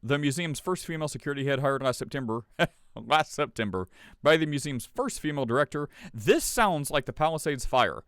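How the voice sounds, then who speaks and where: A man's voice: fairly high pitch, expressive, fairly quick, fairly bright tone, smooth, no room sound, clean studio sound. A man hosting a podcast in casual chat, sarcastic and laughing often as he reads stories aloud. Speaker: podcast host.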